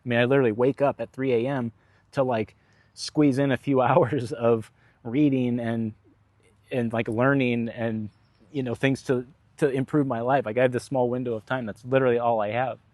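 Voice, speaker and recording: A man's voice: mid-range voice, fairly even intonation, normal speed, darkish tone, dry recording. A man vlogging in a casual, rambling storytelling monologue, frank and profane, full of fillers.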